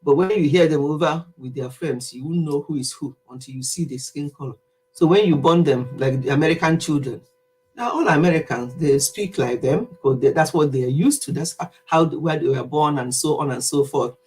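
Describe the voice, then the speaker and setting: A woman's voice: deep voice, brisk, a little mellow, slightly rough, faint music behind. A Nigerian woman in her fifties, chatting animatedly to camera in a casual vlog monologue and laughing easily. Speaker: vlogger.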